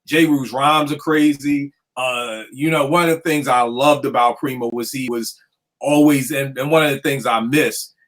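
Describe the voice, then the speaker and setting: A man hosting a casual talk about hip hop beats, a producer telling stories in lively slang. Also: medium pitch, normal speed. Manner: animated storytelling with slang. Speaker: podcast host. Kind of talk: casual chat.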